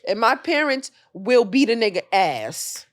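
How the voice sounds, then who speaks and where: A young woman co-hosts a casual podcast, chatting freely. She tells stories with lively energy and acts out what others said. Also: on the high side, measured pace, no echo, clean studio sound. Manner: animated storytelling, acts out quotes loudly. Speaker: podcast co-host. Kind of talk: casual chat.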